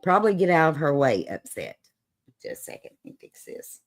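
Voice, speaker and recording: Appalachian Southern woman, livestream host, low-pitched voice that swoops with lively melody, unhurried folksy sass. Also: faint music behind. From Southern United States, Appalachian holler. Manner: folksy and sassy, laughs often. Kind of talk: casual chat on a livestream.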